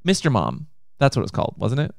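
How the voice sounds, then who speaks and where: A man co-hosting a podcast, reading listener submissions aloud with animated, teasing asides. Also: medium pitch, brisk, creaky, no room sound, clean studio sound. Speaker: podcast co-host.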